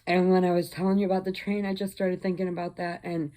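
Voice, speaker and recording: A woman's voice: on the low side, little pitch movement, quick pace, dark tone. A woman hosting a crafting channel, telling a story in a rambling, conversational way with frequent restarts. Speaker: crochet channel host. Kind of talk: casual storytelling chat.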